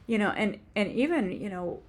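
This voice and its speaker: A woman in her seventies telling a heartfelt personal faith story on her own channel, halting and earnest with frequent restarts. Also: mid-range voice, lively intonation. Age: 70s. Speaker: author and YouTuber. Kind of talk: personal faith testimony vlog.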